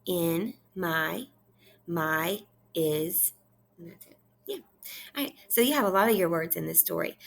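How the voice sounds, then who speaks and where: A woman teaching kindergarten, reading aloud slowly and clearly in a repeat-after-me lesson from her kitchen at home. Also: medium pitch, fairly bright tone. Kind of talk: slow read-aloud lesson for young children.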